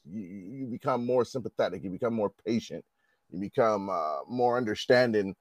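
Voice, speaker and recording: A man's voice: medium pitch, normal speed, no room sound. A man in his forties telling blunt, profane stories in casual conversation. He slips in and out of quoted lines and plays the other people in them. The sound is dry and close to the mic. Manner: animated, swearing, acts out quotes in dialogue. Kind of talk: casual chat, storytelling.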